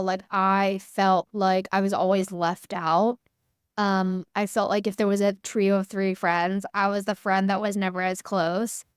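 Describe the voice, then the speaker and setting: A woman's voice: medium pitch, clear, resonant tone, no room sound, clean studio sound. A young woman hosting an online workshop for creators, talking in a candid, chatty way with lots of "like" fillers. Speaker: workshop host. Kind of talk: casual workshop talk.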